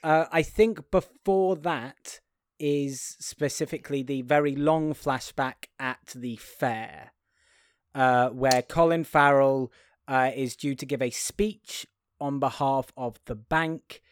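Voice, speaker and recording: A man co-hosting a casual film discussion, talking with many restarts and often acting out quotes in high, silly voices. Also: slow pace, clear, resonant tone, no room sound, clean studio sound. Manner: hesitant restarts. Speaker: podcast co-host.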